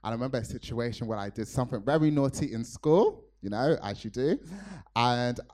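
A man's voice: medium pitch, lively intonation, fairly quick, darkish tone. A man from Nigeria preaching a sermon to his church, telling a personal story earnestly with frequent fillers.

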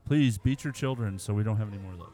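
A man's voice: on the low side, racing, warm tone. A man co-hosting a casual podcast, joking along with his friends. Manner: joking, playful. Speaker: podcast co-host.

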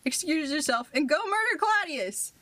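A woman's voice: high-pitched, big pitch swings, moderate pace, background noise. A young woman co-hosting a podcast in casual chat, with wry, teasing asides. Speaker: podcast co-host.

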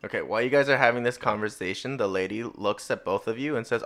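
Casual, lower-voiced male game master; narrates with lots of fillers. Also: quick pace, fairly bright tone.

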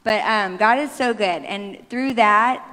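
A woman in her thirties tells her faith story in a heartfelt, rambling way, often breaking off and restarting. Her voice sits at a middle pitch. A long reverb hangs on every word, as in a large church hall. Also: measured pace, bright, forceful tone. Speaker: panelist sharing testimony. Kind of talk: personal faith testimony on stage.

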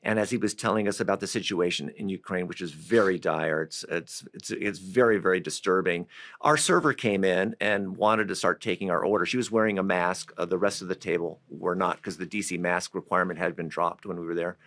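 A man, a guest who works with politicians, telling a story in conversation in a lively way. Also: low-pitched, brisk. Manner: animated storyteller.

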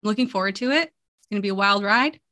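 Bright-voiced chatty woman co-host. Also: mid-range voice, quick pace. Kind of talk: casual podcast chat.

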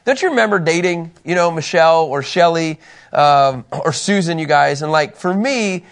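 Upbeat man with a higher voice teaching a Bible class and telling personal stories to the group. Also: normal speed. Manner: animated, chatty, often laughing at himself.

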